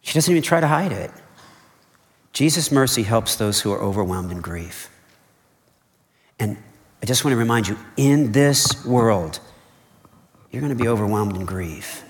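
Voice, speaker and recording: This pastor's sermon comes in a lowish voice with lively intonation, at normal speed with long pauses. He speaks earnestly and conversationally, restating key points and checking in with "okay?", and a large hall's long reverb is audible in the recording.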